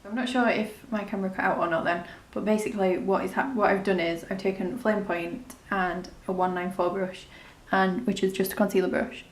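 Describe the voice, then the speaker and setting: A woman's voice: medium pitch, roomy sound. A woman talking through a makeup tutorial in a chatty, rambling, self-deprecating way. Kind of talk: casual step-by-step tutorial narration.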